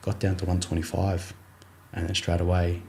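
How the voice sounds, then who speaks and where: A man's voice: low-pitched, monotone, normal speed, creaky, warm tone. A young Australian man, a rugby league player, telling his story in a casual interview, rambling with many fillers and acting out his coach's words.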